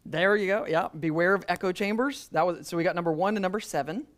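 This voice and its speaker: A man's voice: sits high, fast talker, a bit bright. A man moderating an adult church class, talking conversationally with many fillers and restarts and quizzing the group. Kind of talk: adult Sunday school class teaching.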